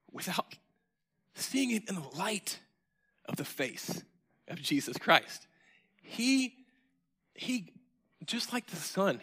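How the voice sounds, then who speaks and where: Impassioned, bright-voiced male preacher. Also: high-pitched. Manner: impassioned, swings from loud emphasis to near-whispers; earnest, emotional, admits crying mid-sermon. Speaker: pastor. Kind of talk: sermon. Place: church sanctuary.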